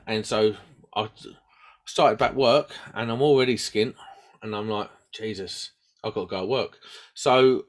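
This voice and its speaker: A man, telling a story on a podcast he co-hosts and laughing at himself. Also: mid-range voice. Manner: animated, acts out quoted voices, laughs at himself. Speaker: podcast host. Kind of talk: casual storytelling chat.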